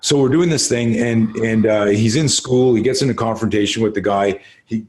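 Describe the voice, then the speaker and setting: A man in his late fifties, a martial arts instructor telling stories as a podcast guest in an animated, emphatic way, with plenty of swearing. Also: on the low side. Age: late 50s. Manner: animated, emphatic storyteller who swears freely. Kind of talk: casual storytelling interview.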